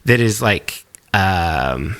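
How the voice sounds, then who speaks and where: A man's voice: low-pitched, expressive, extremely slow, a bit bright, dry recording. A man co-hosting a podcast in casual chat, talking at length and explaining things. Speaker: podcast co-host.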